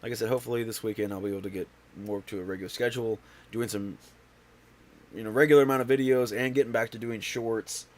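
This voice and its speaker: A man's voice: lowish voice, fairly even intonation, quick pace. A man hosting a casual home livestream, stuffy and out of breath, talking in a tired, rambling way full of fillers and restarts. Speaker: livestream host.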